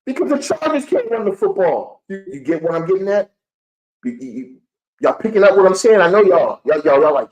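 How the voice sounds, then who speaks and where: Young man, streaming fan-show host, heated repetitive rant, fairly high voice. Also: huge pitch swings, brisk, darkish tone, low-quality recording. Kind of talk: live-streamed fan sports commentary.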